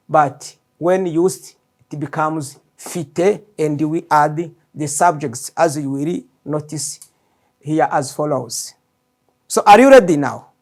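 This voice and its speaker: A male language teacher with a Rwandan accent and a slightly high voice. He speaks very slowly and repeats each word patiently so learners can copy him, in a classroom lesson style. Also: darkish tone. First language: Kinyarwanda.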